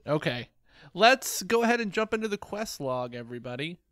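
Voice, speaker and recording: Man, podcast co-host, smooth clear voice, halting easygoing delivery, dry sound. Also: high-pitched, sing-song, fairly bright tone, dry recording. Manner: halting, restarts sentences, easygoing. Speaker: podcast co-host running the quest log recap. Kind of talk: casual chat recapping a video game.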